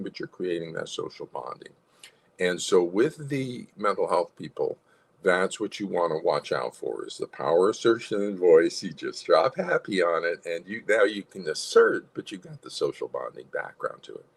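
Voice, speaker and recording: This man's voice is low, creaky, and slightly rough, moving at a moderate pace. As a psychologist leading an instructional livestream, he's animated, chuckles, and demonstrates various tones of voice.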